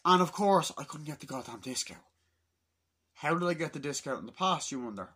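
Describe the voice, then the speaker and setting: A man's voice: fairly high pitch, lively intonation, brisk, a bit bright. A man of twenty-two in a casual vlog, exasperated and swearing as he mutters to himself. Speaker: film collector vlogger.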